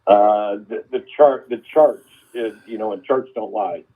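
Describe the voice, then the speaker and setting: A man's voice: fairly low pitch, measured pace. A man co-hosting a casual market chat, hesitant and restarting his sentences, heard over a tinny phone-line connection.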